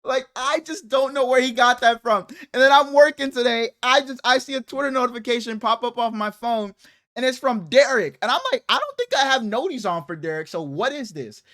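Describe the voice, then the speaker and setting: A man's voice: extremely high pitch, animated, a little fast, a bit bright, no echo. A man co-hosting a casual sports podcast, telling a story with lots of laughter and swearing. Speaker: podcast co-host.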